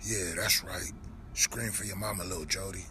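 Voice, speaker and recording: A man putting on a deep, menacing prison bully who taunts and sneers at his target. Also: fairly even intonation, normal speed, noisy background, lightly acted. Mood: taunting.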